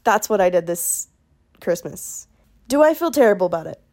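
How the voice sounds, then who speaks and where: A woman's voice: medium pitch, very animated, moderate pace, darkish tone. A young adult woman hosting a solo podcast, chatting in a bubbly, self-mocking way. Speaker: podcast host. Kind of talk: casual solo podcast chat.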